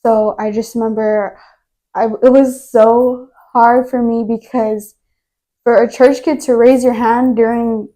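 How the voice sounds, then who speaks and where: Young woman, faith testimony, earnest, rambling, filler-heavy, slightly high, mellow. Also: little pitch movement, a little slow. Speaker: guest.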